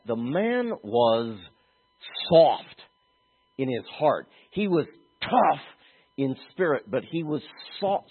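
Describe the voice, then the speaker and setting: Male preacher with a husky voice, animated delivery from soft to emphatic, thin phone-like recording. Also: medium pitch. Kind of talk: sermon. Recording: tinny phone-like audio.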